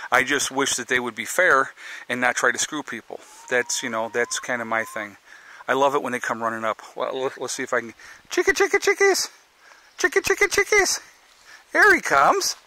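A man's voice: mid-range voice, pushed and bright. A man vlogging casually outdoors by his chicken coop, talking to viewers in a chatty, rambling way with lots of fillers. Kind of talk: casual vlog talk to viewers.

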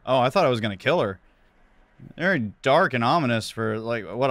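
A man's voice: mid-range voice, fairly quick, dry recording. A man hosting a let's play, commenting casually and wryly on a game from a studio. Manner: relaxed, wry, talks over gameplay.

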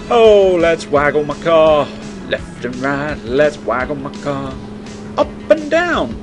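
Young male let's-player, slightly high, very animated pitch, chatty and jokey, hums along while playing. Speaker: let's play host. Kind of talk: casual gameplay commentary.

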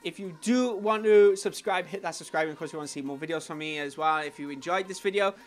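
A man hosting his own gaming channel, giving chatty gameplay commentary that swings between low mumbling and excited squeals. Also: quick pace. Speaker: YouTube gaming channel host. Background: faint background music.

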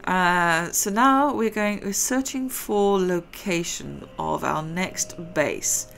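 Slow, gravelly middle-aged woman. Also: lowish voice, a bit bright, slight background noise. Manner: chatty, rambling, giggly asides. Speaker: gaming video host. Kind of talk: casual let's-play commentary.

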